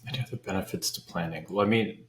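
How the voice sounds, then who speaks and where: A man's voice: deep voice, quick pace. A man speaking as a guest on a business podcast, reflective and searching for his words in loose phrases. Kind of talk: casual podcast conversation. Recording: roomy echo.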